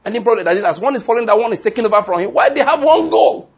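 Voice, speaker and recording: This pastor's sermon moves very fast, his high voice carrying a breathy edge. He tells lively stories and puts rhetorical questions to the congregation.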